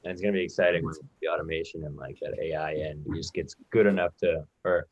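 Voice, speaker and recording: A man's voice: very deep voice, fairly even intonation, fast, slightly rough, lo-fi sound. A man hosting a podcast interview, asking questions in an easygoing way with frequent "like" and affirming murmurs. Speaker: podcast host.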